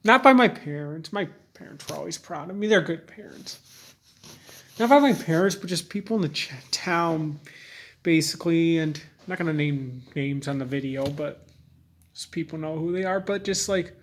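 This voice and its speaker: A young man talking candidly to camera in a rambling, halting way, full of fillers and restarts. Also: fairly high pitch. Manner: earnest and candid. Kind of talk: personal vlog monologue.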